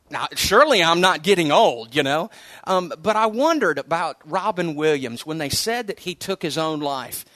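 A middle-aged male pastor delivers a sermon in a loose, conversational way, often repeating words as he tells stories. His voice sits high for a man. The sound is dry and close, with no room around it. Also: animated, normal speed, bright, forceful tone, dry recording. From United States.

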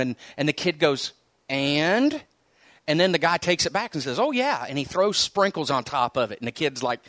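Man pastor, middle-aged, high voice, chatty storytelling sermon, dry close sound. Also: no room sound. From United States. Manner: conversational, animated storytelling with repeated words.

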